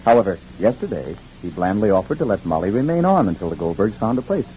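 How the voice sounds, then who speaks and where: Old radio announcer guy, super animated, mellow tone, reads the recap. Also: fairly low pitch, fast, a little hiss or hum, rough recording. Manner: lively dramatic announcing. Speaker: show announcer. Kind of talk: scripted narration.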